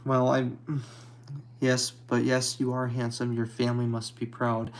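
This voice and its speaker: A man streaming and answering viewer comments in a halting, hesitant way, apologetic and a little anxious. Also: medium pitch, completely flat delivery. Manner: halting, hesitant, with many restarts; apologetic and modest. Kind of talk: casual live chat.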